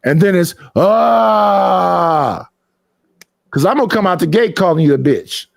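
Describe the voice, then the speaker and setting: A man's voice: on the high side, animated, fast, darkish tone, dry recording, studio quality. A man on a casual podcast, telling stories animatedly and acting out other people with a raised voice, swearing freely. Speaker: podcast host. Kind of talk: casual chat.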